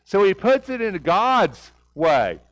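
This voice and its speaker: A man's voice: high-pitched, sing-song, measured pace, fairly bright tone, low-quality recording. A man teaching a church Bible class, asking rhetorical questions and often checking in with "right?".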